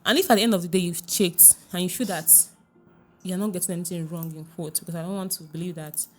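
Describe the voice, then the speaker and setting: Earnest woman coach, slightly low voice. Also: fairly even intonation, fast talker. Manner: earnest and emphatic, repeats key phrases. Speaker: relationship coach. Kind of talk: podcast interview, giving advice.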